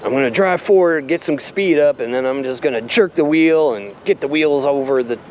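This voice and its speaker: A man putting on a bossy, impulsive dad who is used to giving orders. He speaks a bit higher than usual in brisk, casual commands. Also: a little hiss or hum, natural voice. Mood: scheming. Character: bossy, impulsive father in charge.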